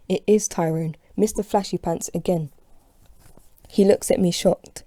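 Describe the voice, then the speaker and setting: Woman with a dark voice reading a story. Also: on the low side, a little slow, dry recording, clean studio sound. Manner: expressive first-person storytelling. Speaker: author reading her own novel. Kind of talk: audiobook narration.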